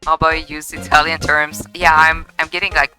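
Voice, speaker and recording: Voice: medium pitch, little pitch movement, a little fast, sharp tone, faint music behind. A streamer chatting casually and reacting while playing a story game live, with laughing asides.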